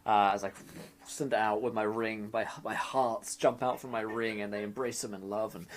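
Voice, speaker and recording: A man's voice: lowish voice, steady tone, moderate pace. Easygoing man playing a tabletop game. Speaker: player. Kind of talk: casual tabletop game play.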